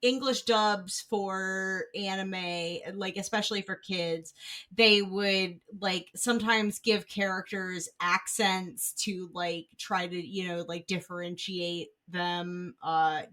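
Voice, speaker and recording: A woman co-hosting a relaxed book club podcast, talking slowly with plenty of "like" and "um". Her voice is bright and forward. She circles her point before landing it. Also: lowish voice. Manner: rambling, many fillers and restarts. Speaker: podcast co-host. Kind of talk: casual book club chat.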